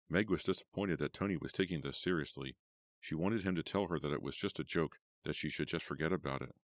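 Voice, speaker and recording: A man narrating an audiobook in a steady, even reading. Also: extremely low pitch, fairly quick, no echo, clean studio sound.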